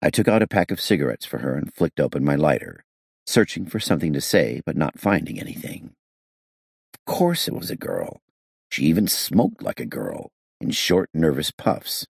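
A man reading a novel aloud as a steady, lively narrator. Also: rumbling low, normal speed, vocal fry, breathy edge, no echo, clean studio sound. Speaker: audiobook narrator. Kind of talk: scripted narration.

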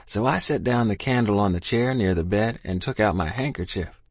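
A man's voice: on the low side, fairly quick, husky, dry recording. A man narrating a first-person story in plain, folksy rural dialect, recorded close in a dry studio. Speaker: audiobook narrator.

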